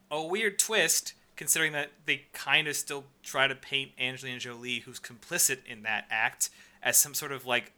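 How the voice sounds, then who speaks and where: A man's voice: mid-range voice, bright, forceful tone. A man co-hosting a casual film-review chat, exasperated and swearing for emphasis.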